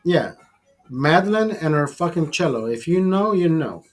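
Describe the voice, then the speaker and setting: Host type, a man, crude and petty storyteller, a touch higher-pitched, husky, light music under him. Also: lively intonation, normal speed. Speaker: livestream host. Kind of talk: profane storytelling rant.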